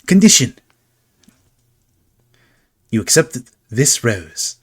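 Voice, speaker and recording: A man's voice: mid-range voice, sing-song, takes it slowly, slightly rough, pitched above the performer's own voice, full character voice. A man voicing a flamboyant, whimsical male showman in a tabletop game, talking in a theatrical, sing-song way. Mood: teasing.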